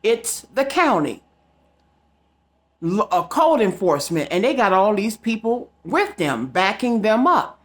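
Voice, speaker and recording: A woman's voice: medium pitch, sing-song, a little slow. A woman telling a story straight to her viewers in a casual vlog, emphatic and direct. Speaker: psychic vlogger.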